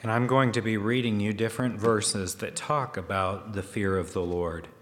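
A man preaching a sermon, slow and hesitant, with fillers and restarts, growing louder as he reads scripture aloud. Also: lowish voice, fairly even intonation, long reverb tail.

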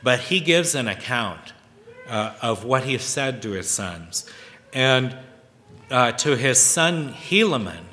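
A man preaches slowly from scripture, pausing often with hesitant fillers as he reads verses aloud. His voice is bright, and it rings with long reverb in a church hall. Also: mid-range voice, big pitch swings, a little hiss or hum. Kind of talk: scripture sermon.

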